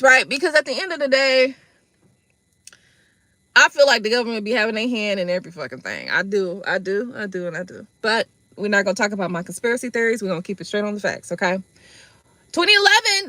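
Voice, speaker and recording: Woman tarot host, bright high voice, very lively delivery, swears and laughs a lot. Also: quick pace, no room sound. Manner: animated, profane, laughs often. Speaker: tarot reader and live stream host. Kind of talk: casual live-stream chat.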